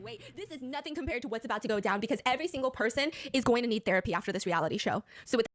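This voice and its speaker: Fast-talking, blunt young-sounding woman host. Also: a little high, expressive. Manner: blunt and exasperated, swears freely. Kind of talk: casual commentary recapping a reality show.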